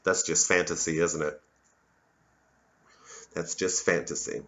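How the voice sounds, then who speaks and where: A man rambles through a satirical monologue, sardonic and quick to swear. His voice sits low. The recording is muffled and lo-fi. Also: flat delivery, fairly bright tone. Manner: sardonic, swearing, mocks others in put-on voices. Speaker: comedian and satirist.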